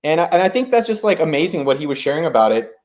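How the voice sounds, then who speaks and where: A man hosting a live stream, talking in a casual, rambling way, excited and swearing freely. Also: fairly high pitch, racing. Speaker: host.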